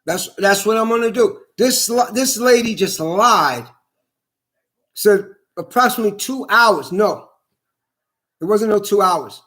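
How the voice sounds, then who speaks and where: A man's voice: sits high, animated, measured pace, fairly bright tone. A man delivering a heated, indignant vlog monologue, repeating himself and swearing often. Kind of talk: angry personal vlog monologue.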